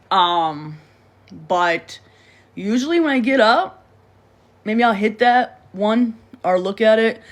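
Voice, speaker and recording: A woman's voice: on the low side, a bit bright. A woman casually chatting on a phone livestream, rambling and repeating herself, blunt and often swearing. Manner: rambling and repetitive, frequent restarts. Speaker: livestream host.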